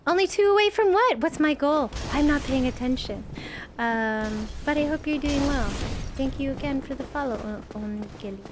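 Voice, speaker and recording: Woman, game streamer, casual live commentary; high bouncy voice, loud game sound underneath. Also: normal speed, background noise. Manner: excitable, yelps and swears at the game, chats to viewers.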